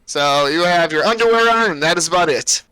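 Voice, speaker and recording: A man's voice: fairly high pitch, expressive, fairly quick, pushed and bright, clean tone, no room sound, low-quality recording. A man narrating as game master in a casual, rambling way, full of fillers.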